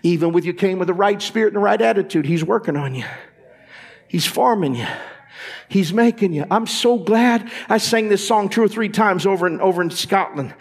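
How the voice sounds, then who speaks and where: A man preaches in a church with a voice that sits a bit higher than most men's. He speaks straight to the congregation and keeps asking them to answer him. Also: normal speed. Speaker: pastor. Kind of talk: sermon. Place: church sanctuary.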